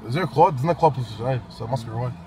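A man's voice: medium pitch, very fast. A young man in casual chat, swearing and laughing as he tells a story, recorded on a phone outdoors. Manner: profane, laughing, animated storytelling. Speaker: vlogger. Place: outdoors near traffic. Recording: street and traffic noise.

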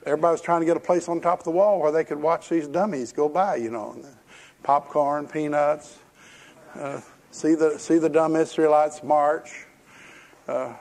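A man's voice: on the high side, fairly even intonation, moderate pace, a little mellow. A man preaching a sermon, retelling scripture in a folksy, storytelling way with emphatic warnings.

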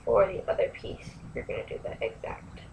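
A woman giving a slow step-by-step craft tutorial, sometimes dropping to a near-whisper. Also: highs cut off. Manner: slow, instructive, drops to near-whisper at times. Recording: distant mic, faint room noise.

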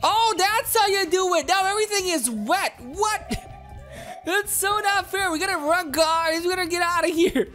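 A woman commenting on her gameplay to her viewers, animated, yelling and laughing as she plays. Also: very high voice, measured pace, soft background music. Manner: animated, squealing and laughing at the game. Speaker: gaming video host.

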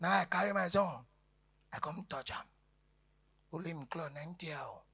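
Squeaky gravelly Nigerian comedian man. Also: normal speed. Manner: dramatic, swinging from shouts to hushed murmurs. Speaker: stand-up comedian. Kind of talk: stand-up storytelling in Pidgin.

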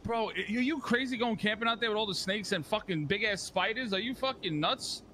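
A man's voice: sits high, fairly quick, pushed and bright, a little hiss or hum. A young man in casual voice chat, laid-back and boastful, swearing freely. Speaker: game player chatting out of character.

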